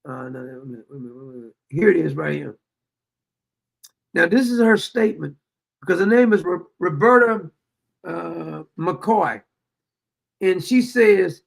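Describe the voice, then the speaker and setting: Brief: high-pitched gravelly male host, animated mocking commentary. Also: moderate pace, long pauses. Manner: animated, mocking, reads a statement aloud with asides. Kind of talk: commentary on a news story.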